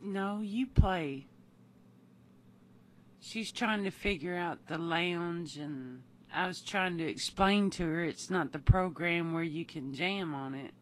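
A woman's voice: lowish voice, slow, slight background noise. A woman chatting casually, giggling and scolding in mock annoyance. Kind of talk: casual chat.

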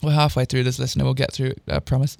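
A man's voice: medium pitch, level tone, racing, vocal fry, darkish tone, no room sound. Sarcastic man reading bad fan fiction. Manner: sarcastic, interrupts to comment on typos. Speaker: reader of amateur fan fiction. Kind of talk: mocking dramatic reading with asides.

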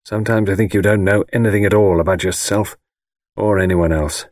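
A man's voice: low voice, fairly even intonation, fairly quick, a little mellow, no echo, studio quality, close to an everyday voice. A man reading an audiobook voices an intense, brooding male architect who presses cryptic, insistent warnings. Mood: urgent.

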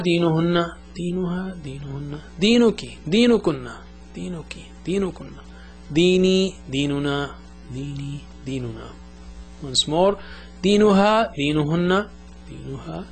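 A man teaching an Arabic lesson, drilling words slowly for listeners to repeat. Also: high voice. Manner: slow, drilling call-and-repeat. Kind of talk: classroom language lesson.

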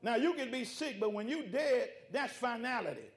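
A man's voice: very high voice, lively intonation, moderate pace. A man preaching a sermon, calling out to his congregation, with rhythmic repetition and informal vernacular speech. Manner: preaching with call-outs to the congregation. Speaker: pastor.

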